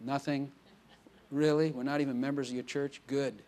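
A man's voice: medium pitch, flat delivery, moderate pace, a little mellow. A male pastor preaching a casual, conversational sermon, telling stories with quoted dialogue and laughing often.

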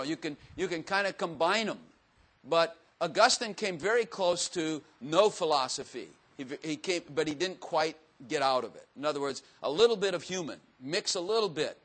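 A slightly high, fairly bright male voice belongs to a teacher or preacher giving a casual, folksy Bible lesson to a room. He is chatty, pokes fun at himself, and often asks his listeners questions.

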